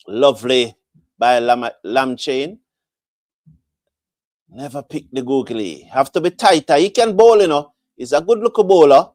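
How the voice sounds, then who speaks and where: A man giving repetitive, animated live fan commentary on a cricket match. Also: mid-range voice, a little slow, no room sound, clean studio sound.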